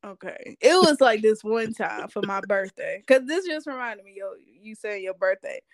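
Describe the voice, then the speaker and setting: A woman's voice: medium pitch, lively intonation, moderate pace, dry recording, studio quality. A woman hosting a podcast in a casual, laid-back chat, full of slang, laughing often and trailing off mid-sentence. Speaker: podcast host.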